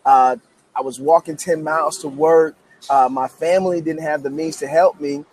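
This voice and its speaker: A man in his thirties from Memphis tells his story with keyed-up, emphatic energy, often restarting his sentences. His voice sits a little high for a man, and a faint hum of ambience stays behind him. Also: steady tone, normal speed, darkish tone. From Memphis, United States. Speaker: guest author. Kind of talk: animated storytelling interview.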